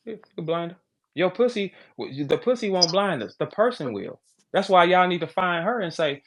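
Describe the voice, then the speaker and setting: A man ranting crudely and loudly in a casual talk, profane and joking. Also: high-pitched, lively intonation, moderate pace. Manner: loud, profane, jokey. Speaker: battle rapper on a live audio chat.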